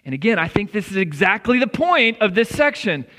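A man's voice: high-pitched, big pitch swings, fairly quick, bright, forceful tone. A man preaching a sermon as pastor, in an earnest, conversational way that swells with emphasis. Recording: long reverb of a church hall.

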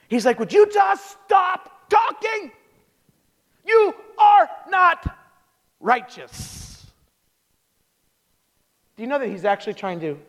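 High-voiced man preaching in a reverberant hall. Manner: animated storytelling, acts out quotes in character voices. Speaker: pastor. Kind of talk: sermon.

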